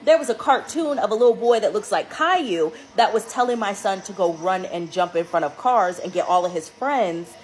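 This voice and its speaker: A woman, a mother, telling a story to the camera in a casual, animated and incredulous way. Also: mid-range voice, normal speed, few pauses. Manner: animated, incredulous, quoting her child.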